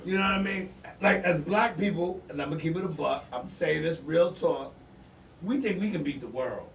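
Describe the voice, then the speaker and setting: East coast middle-aged dude, loud profane storyteller, sounds off-mic in an echoey room. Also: male voice, fairly high pitch, normal speed, creaky, distant mic, slight background noise. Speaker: podcast co-host. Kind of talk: casual storytelling.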